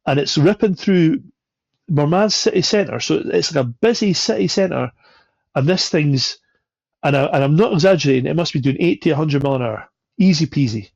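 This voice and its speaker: A man's voice: fairly high pitch, expressive, normal speed, vocal fry, darkish tone, no room sound. A man on a podcast, telling a travel anecdote with swearing and laughter. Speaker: podcast guest. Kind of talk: casual storytelling. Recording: dull, lo-fi sound.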